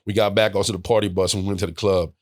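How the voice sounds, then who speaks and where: A man in his forties spins a lively, profane story with scat-like asides. His voice sits low, and the sound is close and dry with no room around it. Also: very fast, dry recording. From New York, USA. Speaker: guest, former football player. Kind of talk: casual storytelling.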